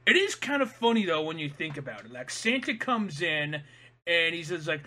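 Bright-voiced joking man riffing. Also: fairly high pitch, very animated, normal speed. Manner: profane, joking riffs. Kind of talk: casual comedic commentary.

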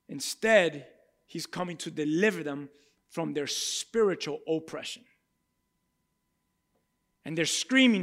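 A man preaching a sermon with passion, swinging from loud cries to hushed tones and acting out crowd voices. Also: fairly high pitch, unhurried, pauses often. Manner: acts out crowd cries and speaks in Jesus' voice.

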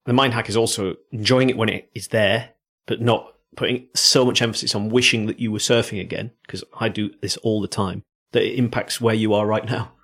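A man's voice: on the low side, fairly even intonation, a little fast, a bit bright, slightly rough. A man from South Africa with a South African accent, co-hosting in casual chat. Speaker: podcast co-host.

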